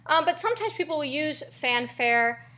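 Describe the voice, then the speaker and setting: A young American woman, an English teacher, running a vocabulary lesson with playful, jokey asides and a slightly breathy voice. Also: high-pitched, lively intonation, normal speed, sharp tone.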